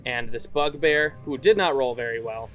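A man's voice: mid-range voice, normal speed, a bit bright, soft background music. A young man narrating as game master in a casual, profane, filler-heavy way.

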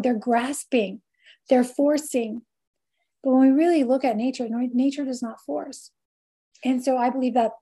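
A woman's voice: a little high, dark tone. A woman host giving a reflective, earnest faith-based wellness talk, quoting scripture and musing aloud with casual fillers.

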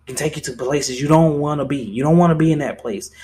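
A man's voice: fairly high pitch, fast talker, warm tone, slightly rough. A young man speaks on his podcast in a casual, unscripted monologue. He is blunt and impassioned, swears often and restarts his sentences as he presses his point. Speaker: podcast host.

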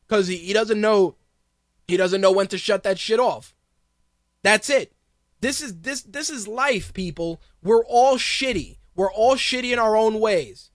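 A man's voice: high voice, animated, moderate pace, dry recording, clean studio sound. A man hosting a podcast, ranting bluntly and crudely in a heated, profane monologue. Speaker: podcast host.

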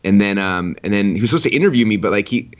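A man in his thirties, a podcast guest who tells stories with excitement, acting out quotes in a high voice. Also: racing, muffled recording. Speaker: podcast guest, online entrepreneur. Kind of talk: casual storytelling interview.

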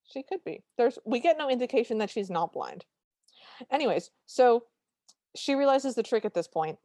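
A woman's voice: fairly high pitch, animated, normal speed, dark tone, dry recording, studio quality. A woman co-hosting a podcast, retelling a cartoon's plot in casual chat with wry asides. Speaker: podcast co-host.

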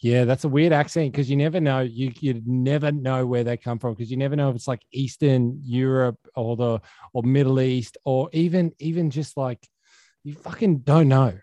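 A man's voice: mid-range voice, fairly even intonation, normal speed, mellow, no room sound, lo-fi sound. A man with an Australian accent, co-hosting a podcast in laid-back, rambling casual chat. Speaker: podcast co-host.

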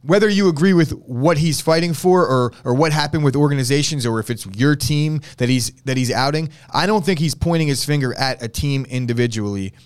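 A man co-hosting a sports podcast in relaxed chat. He speaks emphatically and uses plenty of slang. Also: on the high side, fairly quick, hardly any pauses, smooth. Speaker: podcast co-host.

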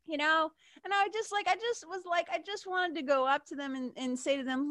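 Podcast host, woman in her fifties: lively, swears freely, slips into playful voices; dry booth sound. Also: sits high, a little fast, few pauses, dry recording. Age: 50s. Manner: animated storytelling, acts out silly voices, swears freely. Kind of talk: casual solo podcast talk.

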